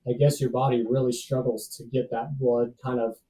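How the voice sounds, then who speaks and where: Thirties guy, dark mellow voice, chill slangy storytelling, mic a bit far off w faint hiss. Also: medium pitch, little pitch movement, normal speed. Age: 30s. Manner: laid-back slangy talk, says dude, bro and man. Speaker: podcast guest, safety professional. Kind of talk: casual personal storytelling.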